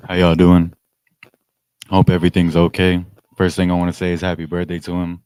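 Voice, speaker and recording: A man speaking loudly and casually at a memorial, laughing between lines. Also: low voice, completely flat delivery, brisk, clean tone. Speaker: friend giving a memorial tribute. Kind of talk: memorial speech.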